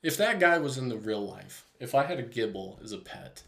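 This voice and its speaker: A man's voice: medium pitch, big pitch swings, fairly quick, vocal fry, fairly bright tone. Young male co-host, giggly and playful, easy mid-range voice. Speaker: podcast co-host. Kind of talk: casual chat.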